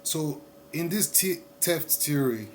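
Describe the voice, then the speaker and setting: A man speaking in a rambling monologue to his viewers. He often repeats himself and slows down to stress his points. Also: fairly high pitch, lively intonation, a little hiss or hum. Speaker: vlogger. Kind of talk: casual monologue to camera.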